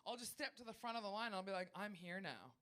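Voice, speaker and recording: A woman's voice: on the high side, steady tone, rapid-fire, fairly bright tone. Brash North American woman doing stand-up. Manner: brash, crude and self-mocking. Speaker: stand-up comedian. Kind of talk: stand-up comedy set. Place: comedy club stage with audience.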